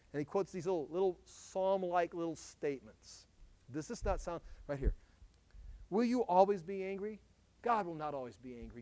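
A pastor preaching an expository sermon, animated and emphatic, his voice swelling when he stresses a point. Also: on the high side, no echo.

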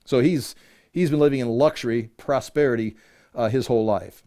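A man with a mid-range, dark-toned voice speaks at a normal pace while teaching from scripture. He reads passages, then explains them casually, correcting himself as he goes and saying "you know" a lot.

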